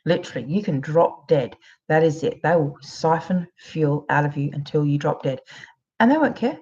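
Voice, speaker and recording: A woman's voice: deep voice, lively intonation, normal speed, darkish tone. A middle-aged Australian woman giving blunt, emphatic advice to camera, often checking in with "okay?" and swearing freely. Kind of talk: direct-to-camera advice talk. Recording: slightly dull lo-fi audio.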